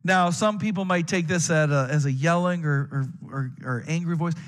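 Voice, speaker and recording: A man's voice: a little high, normal speed, big-room sound. A man preaching a sermon as a pastor, speaking earnestly to students and adults and often restarting his words.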